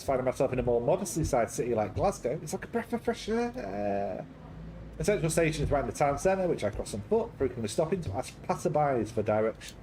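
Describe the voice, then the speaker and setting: A man reads a story game aloud with a lively pitch that rises and falls. His middle-range voice carries steady first-person narration, and faint noise sits behind him. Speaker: game streamer.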